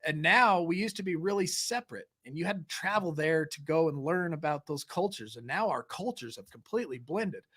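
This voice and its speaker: American male podcast host, mid-high voice, casual, wandering, laughs easily. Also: lively intonation, fairly quick, hardly any pauses, a bit bright, breathy edge. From United States. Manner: rambling, laughing, talkative. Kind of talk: casual chat.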